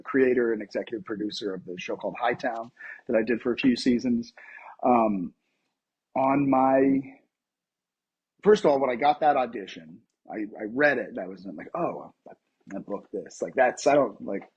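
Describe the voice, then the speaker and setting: A man in his thirties from Colorado, an actor telling a personal story in a casual interview, animated and full of fillers. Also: mid-range voice, breathy edge, highs cut off. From Colorado, USA. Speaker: actor, podcast guest.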